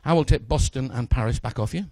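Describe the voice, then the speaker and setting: Chatting jokily with an audience volunteer, a man works through a magic routine on a stage before a live crowd. He talks fast in a warm, mid-range voice, and the recording has no room sound.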